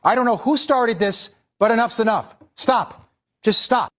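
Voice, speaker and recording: A man's voice: extremely high pitch, measured pace, a bit bright. A man hosting a news show, giving exasperated, emphatic opinion commentary. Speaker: news host.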